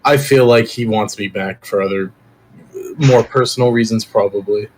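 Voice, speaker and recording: A man's voice: fairly low pitch, moderate pace, natural voice, low-quality recording. A man voicing a blunt, swearing mercenary raised from the dead, speaking in character during a tabletop game. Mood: earnest. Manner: blunt, cursing, deadpan. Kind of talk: tabletop role-play in character.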